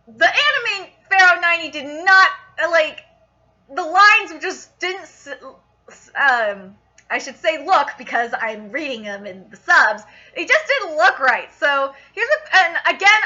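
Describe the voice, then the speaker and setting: A young woman reviewing an anime in a casual vlog, excitable and exasperated, swearing often. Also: high voice, dull audio.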